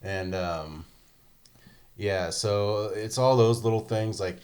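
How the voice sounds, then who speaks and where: A man's voice: fairly low pitch, slow pace, a little mellow. A man co-hosting a gaming podcast, talking casually and rambling with lots of fillers. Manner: rambling, filler-heavy, laughing easily. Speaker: podcast co-host.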